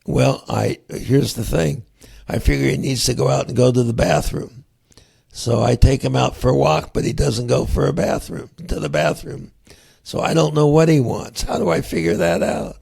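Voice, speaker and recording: A middle-aged man hosts a casual interview, his speech easygoing and a little halting. His voice is deeply gravelly with a husky, raspy edge at a middling pitch. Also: darkish tone. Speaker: podcast host.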